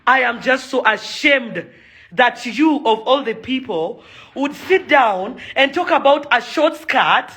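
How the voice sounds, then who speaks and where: A woman's voice: fairly high pitch, lively intonation, slow pace, fairly bright tone. A young woman with a Kenyan accent giving an angry, emphatic video rant and repeating her points. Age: young adult. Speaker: socialite and event organizer.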